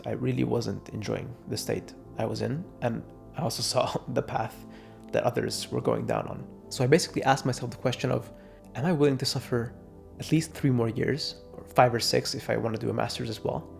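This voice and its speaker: Gravelly young man ranting bluntly. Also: mid-range voice, a little mellow. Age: young adult. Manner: blunt, sarcastic and profane, with mocking quoted voices. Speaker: vlogger. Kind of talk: casual ranting monologue.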